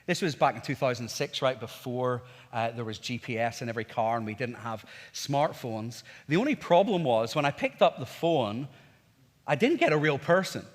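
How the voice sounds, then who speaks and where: Northern Irish preacher in a ringing hall. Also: male voice, mid-range voice, expressive, moderate pace. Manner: conversational storytelling with rhetorical questions. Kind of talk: sermon. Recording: reverberant church hall.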